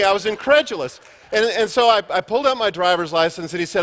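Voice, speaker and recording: A man's voice: high voice, quick pace, a bit bright, big-room sound. A man in his fifties giving a conference keynote, telling jokey stories at his own expense. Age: 50s. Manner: jokey storytelling with self-deprecating humor. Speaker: keynote speaker. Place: conference hall.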